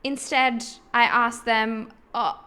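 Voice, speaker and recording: A woman's voice: on the high side, little pitch movement, takes it slowly, bright, forceful tone. A woman hosting a podcast, chatting casually and sharing her own experience with lots of "like" fillers. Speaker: podcast host. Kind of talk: casual chat.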